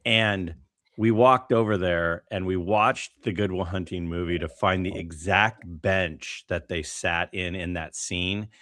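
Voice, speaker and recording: A man co-hosting a casual podcast, telling stories in an animated way with lots of fillers and restarts. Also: low-pitched, unhurried, dry recording. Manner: animated, storytelling with many fillers. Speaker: podcast co-host.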